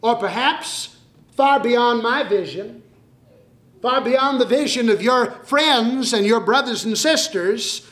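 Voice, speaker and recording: A male preacher delivering a dramatic sermon, moving between urgent warnings and hushed storytelling. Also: very high voice. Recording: roomy echoing hall.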